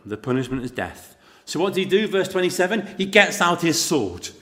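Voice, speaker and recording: A middle-aged man preaching a sermon, telling the story dramatically, with rhetorical questions to the congregation and shifts between loud emphasis and quiet intensity. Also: on the high side, very animated, fairly quick.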